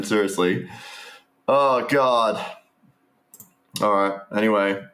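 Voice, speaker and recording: Aussie guy, kinda low voice, rambly live stream commentary, keeps restarting what he's saying. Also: moderate pace. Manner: rambling, restarts sentences, talks straight to viewers.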